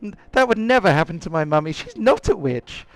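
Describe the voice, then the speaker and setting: A man's voice: big pitch swings, a little fast. A man voicing an upset little girl in a tabletop game, crying out in protest. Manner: shrill, tearful protest.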